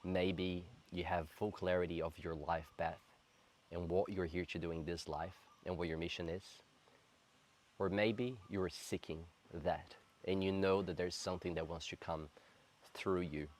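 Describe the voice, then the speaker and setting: Low-voiced earnest man in his thirties. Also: fairly even intonation, darkish tone. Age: 30s. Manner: earnest, reflective, slow and heartfelt. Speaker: spiritual coach. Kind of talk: personal spiritual storytelling to camera.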